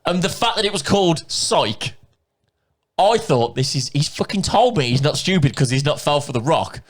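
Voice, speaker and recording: A man's voice: on the high side, sing-song, moderate pace. An English man co-hosting a podcast, telling stories in casual chat, swearing and laughing often. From England. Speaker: podcast co-host.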